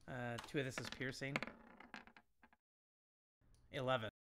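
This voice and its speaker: Animated player telling their turn. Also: medium pitch, a little slow, background noise. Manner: animated, laughing storytelling. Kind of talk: casual tabletop game chat.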